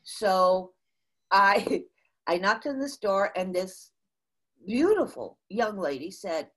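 An older woman from the USA, a guest in an interview, telling a business story in an animated way with frequent restarts. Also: medium pitch, measured pace, breathy edge.

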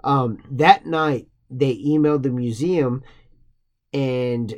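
A man's voice: mid-range voice, slow pace. A man co-hosting a podcast, retelling a story casually with lots of swearing and jokes. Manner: profane, joking, mocking voices in quotes. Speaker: podcast co-host.

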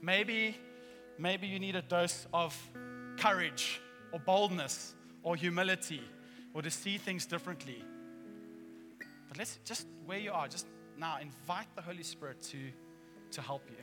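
A man preaching a sermon as pastor, earnest and animated, acting out quotes as he tells a story. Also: high voice, measured pace, music in the background. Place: church hall. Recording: long hall reverb.

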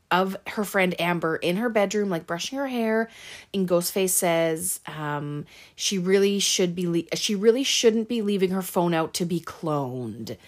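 A woman casually retelling a film plot, full of ums and likes and quick voices for the characters. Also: on the low side. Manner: chatty, lots of ums and likes; acts out lines in quick voices. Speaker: movie recap host. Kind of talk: casual movie recap.

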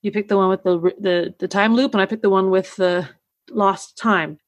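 A woman co-hosting a podcast, talking in a relaxed way with fillers as she introduces and summarizes an episode. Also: medium pitch, moderate pace, no echo. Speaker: podcast co-host. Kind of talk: casual podcast chat.

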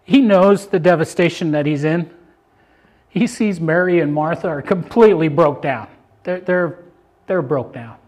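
An older man, a pastor, preaching a sermon and reading scripture aloud, rising to loud emphatic peaks and then dropping to quiet, reflective asides. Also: on the high side, normal speed.

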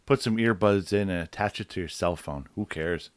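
A man's voice: low-pitched, normal speed, dry recording. A man co-hosting a podcast in casual chat, cracking jokes and laughing. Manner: wisecracking, laughing. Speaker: podcast co-host.

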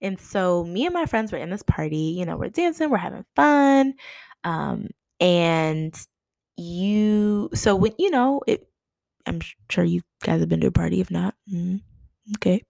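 A young woman tells a story in a lively, swooping voice, acting out what people said with big leaps in pitch. The recording is close and dry, with no room sound. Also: measured pace, vocal fry, no room sound. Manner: animated, acts out quoted lines with big pitch jumps. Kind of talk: casual storytelling.

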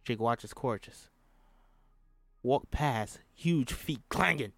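A man's voice: medium pitch, expressive, slow, vocal fry, pauses often, no room sound. A man reading a screenplay aloud as a host, plainly, breaking off with joking asides. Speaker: script reader. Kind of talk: casual script read-through with asides.

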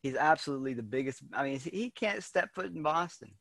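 A man co-hosting a casual sports podcast, quick to react and fond of jokes. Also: on the high side, vocal fry, no echo. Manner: animated, jokey, quick reactions. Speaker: podcast co-host.

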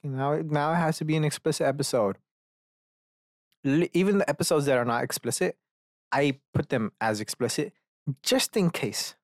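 A man's voice: on the high side, brisk, dry recording, studio quality. A man hosting a solo podcast, rambling, swearing freely and breaking off to mock himself. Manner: rambling and profane, self-mocking asides. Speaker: podcast host.

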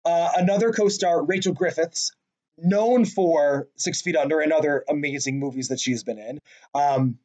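Man, high voice, casual movie chat, gushing, self-deprecating, laughs a lot. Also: normal speed, a little mellow. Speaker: podcast co-host.

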